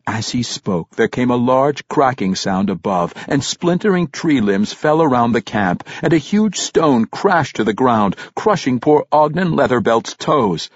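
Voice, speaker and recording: A husky male narrator reading a fantasy audiobook, his pitch rising and falling dramatically through every sentence. The recording is close and dry with a slightly dull, lo-fi tone. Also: expressive, unhurried, few pauses, no room sound.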